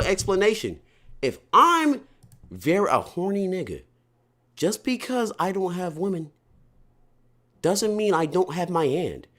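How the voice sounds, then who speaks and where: A man's voice: on the high side, fairly bright tone. A man hosting a live stream, reacting to viewer stories in blunt, profane, incredulous casual talk. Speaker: streamer host.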